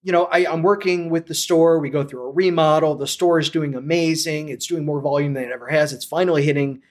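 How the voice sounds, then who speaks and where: A man from St. Louis telling his story as a podcast guest, animated and acting out the lines of people he quotes. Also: on the high side, a little fast. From St. Louis, USA. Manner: animated, acts out quoted dialogue. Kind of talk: casual storytelling.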